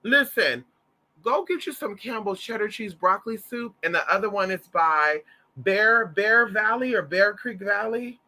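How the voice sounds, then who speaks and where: A man from Southern Louisiana hosting a casual livestream, telling stories in an animated, campy, profane way while reading the chat. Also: high voice, unhurried. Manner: animated, campy, profane, calls listeners y'all and honey.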